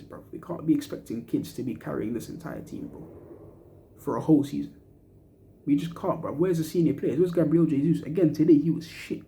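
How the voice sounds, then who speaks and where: A young man lets loose an angry football rant, full of swearing and slang. His voice sits a little high, with a dark, mellow tone. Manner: frustrated, swearing, slang-heavy ranting. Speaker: football fan reacting to a match. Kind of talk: angry post-match fan rant.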